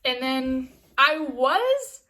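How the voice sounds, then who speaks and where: A woman's voice: high voice, very animated, drawn-out words, pushed and bright. A woman casually recapping a TV episode in a chatty vlog, full of fillers and restarts. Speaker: TV episode reviewer.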